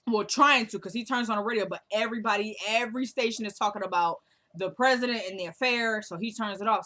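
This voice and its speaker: A woman's voice: mid-range voice, fairly bright tone. A woman vlogger chatting casually to her viewers as she recaps a TV drama episode, often laughing. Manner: talkative, laughs often, addresses viewers as y'all.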